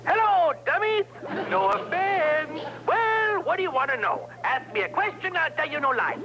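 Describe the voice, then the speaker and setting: A man's voice: very high-pitched, lively intonation, moderate pace, noisy background. An actor playing a wisecracking male ship computer with a German accent, cocky and teasing, in a 1970s TV comedy.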